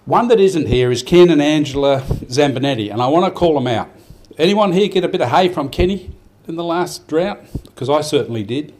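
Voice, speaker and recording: A man's voice: on the high side, lively intonation, a little fast, few pauses, a little mellow. Older man, Australian accent, live awards speech, rambling, heartfelt, faint background noise. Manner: rambling, heartfelt storytelling with many restarts. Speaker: event organiser giving a speech. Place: event hall.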